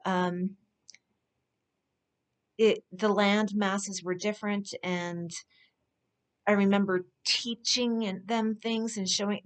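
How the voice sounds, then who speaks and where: A woman speaking as a spiritual speaker, telling personal stories in an earnest, unhurried way with soft laughs. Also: mid-range voice, steady tone. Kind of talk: personal storytelling monologue.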